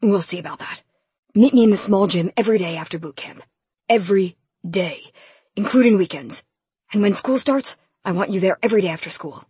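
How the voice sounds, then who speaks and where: A woman reading as a gruff, stern young man. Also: medium pitch, expressive, fairly quick, warm tone, dry recording. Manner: gruff, exasperated.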